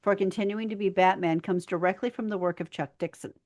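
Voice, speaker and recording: Female podcast co-host, chatty trivia-sharing voice, mid pitch. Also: fairly even intonation, quick pace, a little mellow. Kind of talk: casual episode recap.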